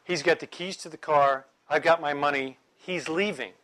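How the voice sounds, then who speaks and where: A middle-aged man teaching a Bible class in a lively, conversational way, joking with his listeners. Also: a little high, moderate pace.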